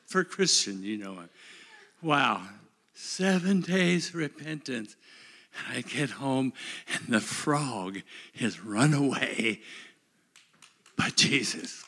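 A middle-aged man preaching a sermon, dramatic and emotional, swinging from shouts down to whispers. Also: a little high, expressive, slow pace.

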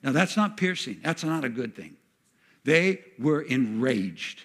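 A man preaching a sermon in an animated way, acting out the voices of the people he quotes. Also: medium pitch, a little slow, husky. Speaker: pastor.

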